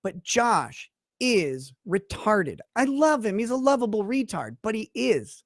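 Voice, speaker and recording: A man's voice: high-pitched, sing-song, measured pace, no echo, clean studio sound. Condescending, breezy man in a clip. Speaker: streamer in a played clip. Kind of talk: casual stream monologue.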